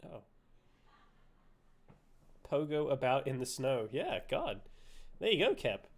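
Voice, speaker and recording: A man's voice: mid-range voice, big pitch swings, takes it slowly, breathy edge. Giggly man joking over a game. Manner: joking, giggly, silly asides. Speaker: game streamer. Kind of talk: live game commentary.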